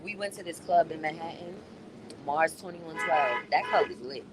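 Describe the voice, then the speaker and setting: New woman livestreaming on the bus, slangy and chatty, mask-muffled, loud bus noise on a phone mic. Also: sits low, normal speed. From New York. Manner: chatty, reads out viewer comments, slangy. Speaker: live streamer. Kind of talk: casual live-stream chat. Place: on a city bus. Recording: noisy phone recording on a moving bus.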